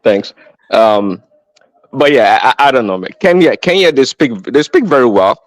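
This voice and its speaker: A man speaking as a guest in a casual discussion, relaxed and hesitant, with many fillers. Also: mid-range voice, normal speed, no room sound, low-quality recording. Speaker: panel guest.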